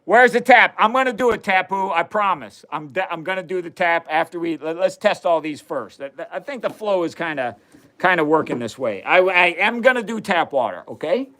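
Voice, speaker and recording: During a casual live demo, an American science host runs chemistry experiments, chats to viewers, and laughs a lot. He talks fairly quickly in a high-pitched, fairly bright voice with lively intonation.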